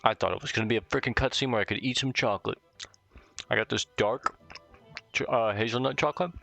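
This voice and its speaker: A man's voice: medium pitch, fast talker, creaky, fairly bright tone, soft background music. A man hosting a let's play, chatting casually and poking fun at himself. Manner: self-deprecating, laid-back. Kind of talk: casual gameplay commentary.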